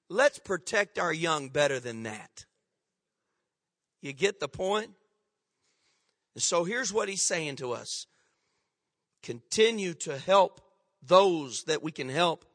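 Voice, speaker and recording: A man's voice: high-pitched, pushed and bright, dry recording, long reverb tail. A male pastor preaching a sermon, urging and emphatic, repeating his points for force. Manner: emphatic, repetitive exhortation.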